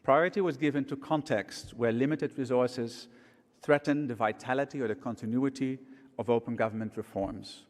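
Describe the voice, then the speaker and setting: Man giving an earnest tribute in a reverberant hall. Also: mid-range voice. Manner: earnest, measured, warm remembrance. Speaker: conference speaker, program chief. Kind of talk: memorial tribute speech on stage. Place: large conference hall stage.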